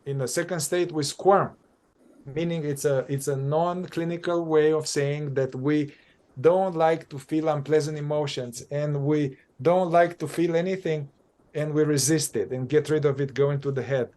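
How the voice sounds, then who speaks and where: A man who works as a psychotherapist, talking through his methods in conversation, animated and thinking aloud, often repeating and restarting phrases. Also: fairly high pitch, moderate pace. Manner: animated, acts out exchanges with clients. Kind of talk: conversational dialogue on spiritual practice.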